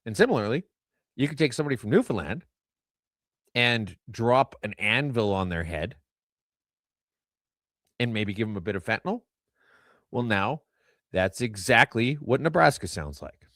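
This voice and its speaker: A man's voice: medium pitch, expressive, moderate pace, long pauses, fairly bright tone, dry recording. Dry-witted man co-hosting a podcast. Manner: dry, wry storyteller. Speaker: podcast co-host. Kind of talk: deadpan comic monologue and banter.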